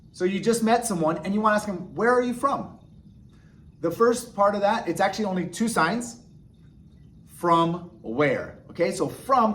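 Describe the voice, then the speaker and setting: Patient man teaching sign language. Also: on the high side. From United States. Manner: patient, step-by-step, repeats "okay?" to check in. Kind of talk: instructional explanation.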